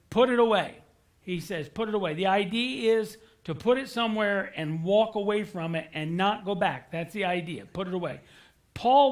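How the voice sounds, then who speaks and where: A man delivers a sermon in a church with a fairly high voice. He is earnest and conversational, leaning on repetition to stress his points and slipping in casual asides and fillers as he talks to the congregation. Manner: earnest, repeats key words for emphasis. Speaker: pastor. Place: church sanctuary.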